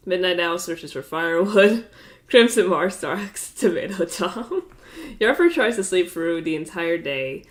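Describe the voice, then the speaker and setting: A congested woman streaming, reading out game events with amused, offhand asides and frequent laughter. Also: lowish voice.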